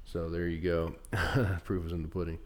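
Young guy with a really low voice rambling thru a podcast chat, lots of um and uh. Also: level tone, normal speed. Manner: rambling, many fillers and restarts. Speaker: podcast co-host. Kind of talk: casual chat.

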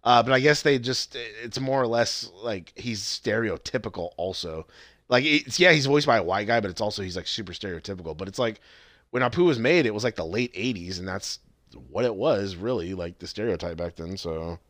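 Fast-talking low-voiced man, profane and rambling. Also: expressive, a bit bright, dry recording, clean studio sound. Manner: profane, rambling, with frequent restarts. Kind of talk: casual chat.

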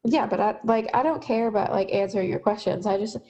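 A woman's voice: mid-range voice, fast talker, warm tone, poor audio. A young woman co-hosting a casual sports podcast, blunt and opinionated, with many fillers. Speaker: podcast co-host.

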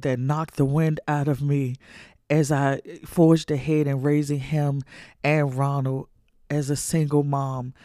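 A woman's voice: sits low, dark tone, no echo, studio quality. A woman in her forties hosting a faith-based podcast, talking in an emotional, preachy way and repeating phrases for emphasis. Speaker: podcast host.

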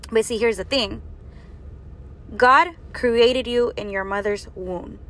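A woman's voice: a little high, slow, a bit bright. Woman preaching in rhetorical questions. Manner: rhetorical questions, earnest and exhorting. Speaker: faith and health speaker. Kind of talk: preaching monologue.

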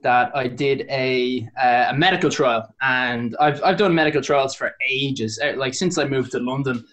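A man who is a guest on a podcast, telling a long story in a rambling way. He is animated, corrects himself often and says "like" a lot. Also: medium pitch, moderate pace. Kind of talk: casual storytelling.

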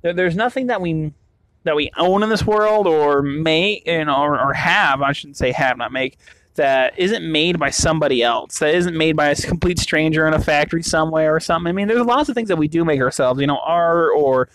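A man's voice: on the high side, a little fast, fairly bright tone, slight background noise. A young man from the western US talking casually on his own, rambling with many restarts and fillers. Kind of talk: casual monologue.

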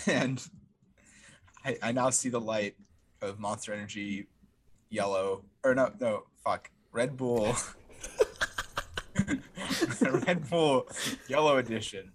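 A man's voice: medium pitch, slow pace, long pauses. A young man co-hosting a podcast in casual chat, rambling and self-mocking, stammering through restarts. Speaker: podcast co-host.

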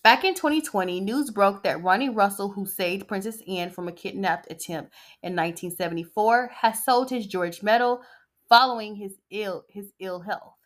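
A woman's voice: mid-range voice, normal speed. A woman hosting a podcast in a casual, sassy style, chatting and mocking as she reads an article aloud. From United States. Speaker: podcast host.

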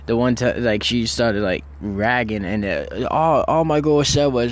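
A young man in a casual storytelling mode, talking fast with mid-range pitch. He rambles and restarts, swears freely and gets worked up as he goes. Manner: excited, rambling, heavy swearing. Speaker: vlogger.

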